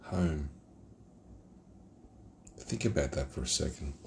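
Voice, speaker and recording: A man's voice: rumbling low, lively intonation, takes it slowly, gravelly, a little hiss or hum. A middle-aged Australian man reviewing beer in a casual vlog, rambling and reflective and swearing freely. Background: geckos and night ambience.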